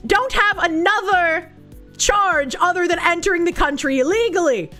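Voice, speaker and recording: A woman's voice: very high-pitched, moderate pace, fairly bright tone, soft background music. A woman with a Boston accent, streaming and ranting casually in a blunt, profane way. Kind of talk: casual livestream commentary.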